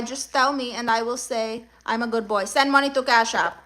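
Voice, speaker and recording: A woman's voice: on the high side, moderate pace, pushed and bright. A woman with Spanish-accented English reading out a livestream chat, sassy and mock-demanding as she greets viewers by name. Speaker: livestream comedian.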